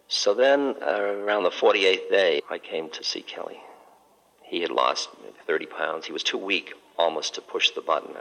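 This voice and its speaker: An older man, a spiritual teacher, telling stories gently and unhurriedly, with soft laughs. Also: sits low, vocal fry. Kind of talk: storytelling talk. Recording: hall with long reverb.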